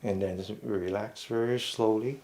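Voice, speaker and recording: A man leading a mindful fitness class, giving slow, step-by-step stretching cues and often checking in with "okay?". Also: on the low side, fairly even intonation, darkish tone, a little hiss or hum. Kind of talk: guided stretching instruction.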